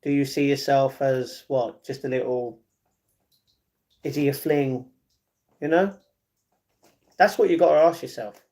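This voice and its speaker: A man's voice: mid-range voice, steady tone, unhurried, long pauses, dark tone. A man chatting casually on a livestream and giving viewers blunt, repetitive advice. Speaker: streamer. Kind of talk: casual livestream chat, reading viewer comments.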